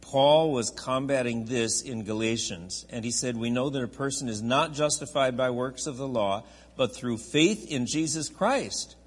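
A man's voice: medium pitch, unhurried, few pauses, husky. A man teaching a Bible class from an outline in a chatty, digressive way, often restarting his sentences and adding asides. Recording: echoey hall, long reverb.

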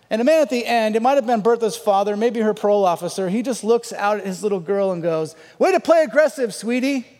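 A high-voiced middle-aged man spins a comic story on stage, building to loud outbursts and then dropping to quiet asides. His voice carries a long reverb from a large hall. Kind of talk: stand-up storytelling.

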